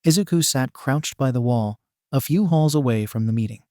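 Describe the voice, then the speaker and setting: A man narrating a fan fiction story in an even, unhurried way. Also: mid-range voice, no echo, clean studio sound.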